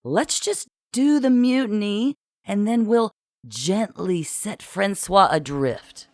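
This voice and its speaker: Bossy schemer who spins mutiny as management talk, read by the narrator; lively delivery. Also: mid-range voice, dry recording, studio quality, voice pushed up. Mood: scheming. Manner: smooth corporate euphemisms, brisk orders. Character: scheming bossy woman, euphemistic, commanding.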